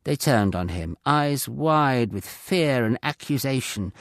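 A man narrating a Bible story in a dramatic, expressive storytelling manner. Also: mid-range voice, slow, hardly any pauses, no echo, clean studio sound.

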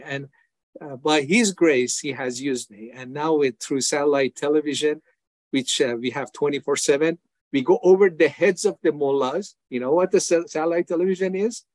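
An older man from Iran who founded a ministry talks a little fast in a fairly high, darkish voice, recorded without echo. As an interview guest giving his testimony, he's earnest and emphatic, loudly acting out his prayers and the answers he gave.

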